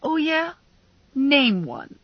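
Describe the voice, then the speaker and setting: A woman reading an audiobook, voicing a frazzled young woman bounty hunter who turns shrill and self-mocking. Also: big pitch swings, very slow, no echo, heavily acted. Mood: wry. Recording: dull lo-fi dry recording.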